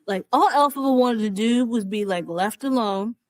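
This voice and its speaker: A woman co-hosting a casual entertainment podcast, talking in an animated, emotional way. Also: on the high side, normal speed, no room sound. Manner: animated, emotional, acts out quotes. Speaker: podcast co-host. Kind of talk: casual chat.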